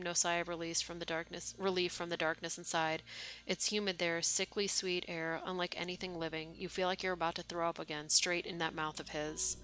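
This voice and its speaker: A woman's voice: lowish voice, bright, forceful tone. A woman streamer reading a game's text aloud, with wry, swearing asides. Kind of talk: reading game text aloud with casual commentary.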